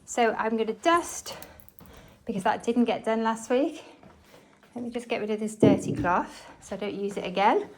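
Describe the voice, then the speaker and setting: A woman's voice: a little high, moderate pace, slight background noise. A woman chatting casually to the camera while she cleans her home, thinking aloud and poking fun at herself, recorded on a phone strapped to her chest. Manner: chatty, thinks aloud, self-mocking asides. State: slightly out of breath. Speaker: cleaning vlogger. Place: home, indoors. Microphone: phone worn on a chest harness.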